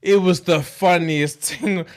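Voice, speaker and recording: A man's voice: high-pitched, steady tone, takes it slowly. A young British man, a podcast co-host, telling a comic story in casual slang-filled chat and laughing often. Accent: British English.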